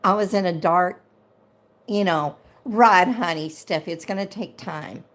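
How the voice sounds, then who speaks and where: A middle-aged woman chats on her livestream in an unhurried, easygoing pace. She gets heated and indignant and circles back over the same points again and again. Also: fairly low pitch. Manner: chatty, heated and indignant, repeats herself. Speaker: livestream host and chat moderator. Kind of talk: casual livestream chat.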